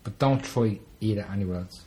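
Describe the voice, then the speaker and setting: A man chatting casually, blunt and quick with swearing asides. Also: fairly low pitch, warm tone. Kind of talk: casual chat.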